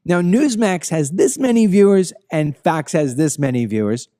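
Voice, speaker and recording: A man in his fifties with a Long Island accent hosts a heated opinion monologue. He talks in a somewhat high voice and hammers his points home by repeating them. The sound is dry, with no room echo. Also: animated, moderate pace, warm tone. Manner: emphatic, ranting, repeats phrases. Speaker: commentary show host.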